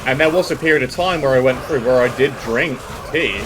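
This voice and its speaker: A man's voice: mid-range voice, a little fast, background noise. A British man chatting casually with viewers while streaming a game, joking and rambling as he talks. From Britain. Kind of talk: casual live-stream chat.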